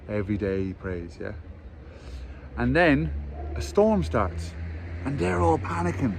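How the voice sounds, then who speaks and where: A man in his forties, an interview guest talking openly while walking outdoors, telling stories with halting restarts. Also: fairly low pitch, animated, a little hiss or hum. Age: 40s. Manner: open, storytelling, halting restarts. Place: outdoors in a hillside village, walking.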